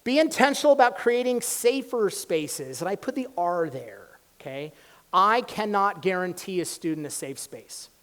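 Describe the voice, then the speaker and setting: A man, a college professor, giving an impassioned public lecture in a campus hall, swinging from loud exhortation to hushed storytelling. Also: high-pitched, lively intonation, moderate pace.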